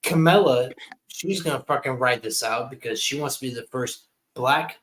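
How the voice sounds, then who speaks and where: A man's voice: mid-range voice, moderate pace, a bit bright, slight background noise, poor audio. A drunk man in his twenties, a livestream guest, ranting heatedly and swearing constantly in casual chat. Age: 20s.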